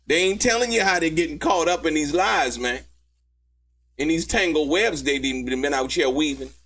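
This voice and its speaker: Animated, gravelly-voiced male commentary host. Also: a little high, moderate pace. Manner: animated, mocking, laughs often, slangy. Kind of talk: live commentary on court testimony.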